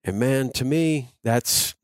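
A man's voice: mid-range voice, takes it slowly, dry recording, clean studio sound. A man interviewing a guest in the guest's home, earnest and admiring, with many fillers. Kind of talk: casual interview.

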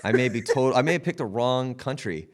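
A man's voice: mid-range voice, a little fast. A young man from San Diego hosting a podcast, telling stories animatedly and acting out quotes between laughs. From San Diego, California. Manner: animated storyteller, laughs often, acts out quotes. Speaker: podcast host. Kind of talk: casual chat.

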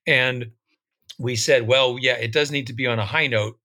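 A man who writes songs for musicals, telling backstage stories with animated delivery and laughing along as he tells them. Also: medium pitch, moderate pace. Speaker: musical songwriter. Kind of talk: casual storytelling interview.

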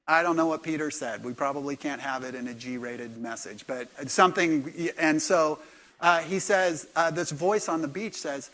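Pastor, middle-aged man, slightly higher voice; preaches with story-driven swings between soft and loud. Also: moderate pace. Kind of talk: sermon.

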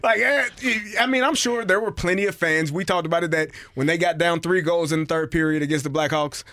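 A man co-hosting sports talk radio, speaking in a lively way with frequent laughs and repeated words. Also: a little high, a little fast, no echo.

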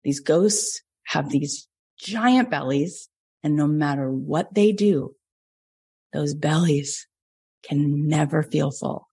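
Lively, animated woman telling a story. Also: slow pace, slightly rough. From Florida, USA. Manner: animated, acts out quotes with big pitch jumps. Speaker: business coach and podcast host. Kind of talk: storytelling lesson.

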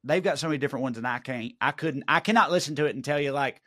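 A Southern man co-hosting a podcast, talking in loose, rambling bursts full of restarts and swearing. His voice sits at an ordinary pitch and sounds dry and close to the mic. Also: rapid-fire, fairly bright tone, no room sound. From American South. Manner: rambling, profane, many restarts. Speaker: podcast co-host. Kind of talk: casual chat.

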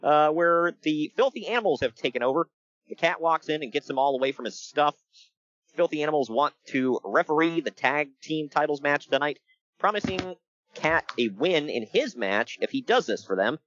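A man's voice: a little high, lively intonation, moderate pace, a bit bright, no echo, lo-fi sound. A man co-hosting a podcast, recapping wrestling in a jokey casual chat, laughing often.

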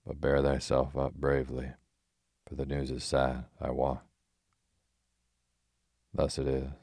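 A man's voice: rumbling low, monotone, darkish tone, no echo, clean studio sound, heavily acted. A man voicing a bold, cheerful outlaw who jests in old-fashioned speech, in an audiobook reading. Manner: archaic speech, measured, teasing.

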